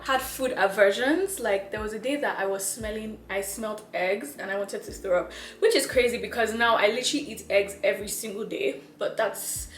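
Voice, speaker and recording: A young woman from Nigeria, out of breath, chatting casually to her viewers as a vlogger, laughing and repeating herself. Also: medium pitch. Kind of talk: casual chat to camera. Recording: echoey room.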